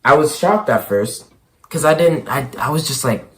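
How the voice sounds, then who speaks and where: A young man with a hoarse, worn-out voice, vlogging casually about basketball. He stammers and repeats himself, and his voice swings from quiet to loud. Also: medium pitch, lively intonation, moderate pace. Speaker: basketball YouTuber. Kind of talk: excited casual vlog.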